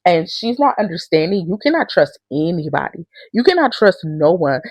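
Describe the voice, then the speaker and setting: A woman's voice: lowish voice, normal speed, husky, dry recording. A woman talks through the week's reality show drama in a casual, unfiltered way and swears freely. Her voice rises and falls a lot while she tells the story. The sound is close and dry, with no room around it. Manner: blunt, profane, animated storytelling. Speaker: reality show recap host. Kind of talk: casual recap commentary.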